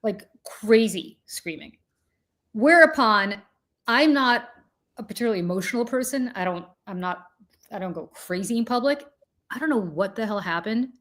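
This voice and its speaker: A woman's voice: medium pitch, lively intonation, normal speed, a bit bright. A woman in her forties, a podcast host, telling a self-deprecating story in casual chat.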